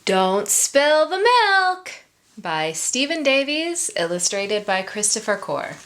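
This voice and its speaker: A woman teacher reading picture books aloud to children in a slow, expressive storytelling way. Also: fairly high pitch. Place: home or classroom, online video.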